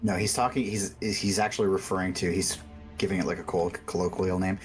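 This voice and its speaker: Deep-voiced rambling game master man. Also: fairly even intonation, fairly quick, soft background music. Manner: rambling, full of "like" and restarts. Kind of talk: describing scenes in a tabletop game.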